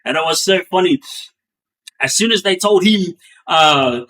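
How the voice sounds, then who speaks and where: A middle-aged man, a former gang member, casually telling prison stories in an animated way, acting out sounds and quotes with lots of fillers. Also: a little slow. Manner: animated, acts out sounds and quotes with bursts of raised pitch; many fillers and restarts, loose slangy delivery. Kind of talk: casual storytelling.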